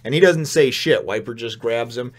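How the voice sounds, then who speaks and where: Rambling, excitable male reviewer. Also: medium pitch, moderate pace. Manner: rambling and excitable, chuckles often, many restarts. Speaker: comic chapter reviewer. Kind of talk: casual spoken review.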